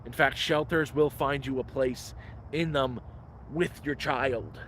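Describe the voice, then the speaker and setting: A man's voice: mid-range voice, fairly even intonation, slow pace, a bit bright, slight background noise. A man hosting a casual live stream outdoors in the woods, giving frank, profane advice, talking into a phone as he walks around his camp. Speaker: livestream host living outdoors.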